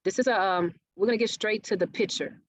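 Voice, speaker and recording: A woman leads a marketing workshop in a brisk, mid-range voice, engaging the audience and checking in with questions often. The webinar audio is dull and dry, with a slight hiss or hum.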